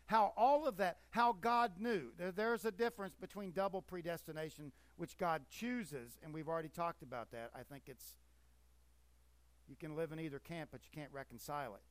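A pastor preaching a sermon with emphatic force that rises and falls. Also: male voice, on the high side, normal speed, no echo.

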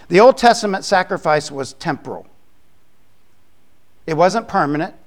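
A man preaching as a pastor, explaining scripture in a conversational way with quick asides. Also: a little high. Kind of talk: sermon.

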